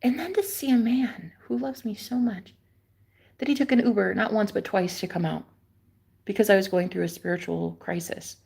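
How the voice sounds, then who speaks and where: A young adult woman live streaming a rambling, confiding monologue, dropping to whispers and then rising to loud, profane exclamations. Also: mid-range voice, moderate pace, creaky, breathy edge. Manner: swings between hushed whispers and loud exclamations.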